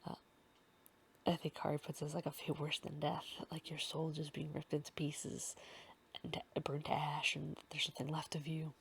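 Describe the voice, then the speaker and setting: Low, gravelly woman rambling a recap. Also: monotone, normal speed, slight background noise. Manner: rambling, many fillers and self-corrections; often drops into soft breathy half-whisper. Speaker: podcast host recapping a fanfic. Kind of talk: casual recap chat.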